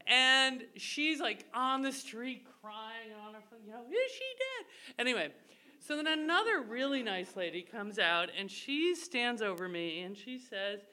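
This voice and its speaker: Bright, lively woman telling a stage story. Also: a little high, unhurried. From Irish family. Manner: chatty, self-mocking, laughs through the story. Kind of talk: live storytelling. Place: live stage show before an audience.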